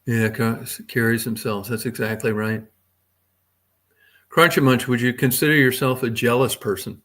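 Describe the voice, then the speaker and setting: A man's voice: medium pitch, steady tone, moderate pace, a bit bright. A middle-aged man hosting a casual livestream, rambling crudely with lots of swearing and talking to chat viewers by name. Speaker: livestream host.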